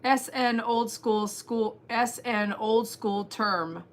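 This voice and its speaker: A woman hosting a casual livestream, chatting and reading viewers' comments aloud, animated and laughing often. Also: fairly high pitch, slow. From Texas. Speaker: livestream host.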